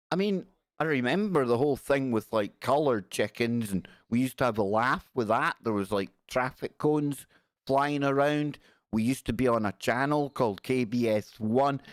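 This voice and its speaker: A man's voice: medium pitch, no echo. Man, forties, rambling live-stream host, joking chat, dry close sound. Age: 40s. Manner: rambling, joking, reads viewer messages aloud.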